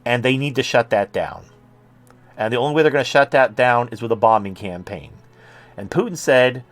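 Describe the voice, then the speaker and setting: A man's voice: medium pitch, expressive, normal speed, faint music behind. Profane, sarcastic male ranter. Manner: profane, sarcastic, mocking mimicry of others. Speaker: political commentator. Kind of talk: casual ranting monologue.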